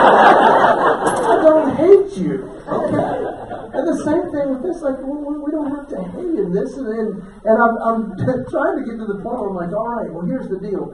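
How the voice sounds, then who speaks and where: Man, stand-up comic, high voice, folksy storyteller, echoey hall, distant mic. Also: a crowd in the background, background noise. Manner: folksy storytelling with quick audience asides. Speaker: stand-up comedian. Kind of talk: stand-up comedy set. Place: banquet hall with a live audience. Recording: roomy distant audience recording. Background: audience laughter.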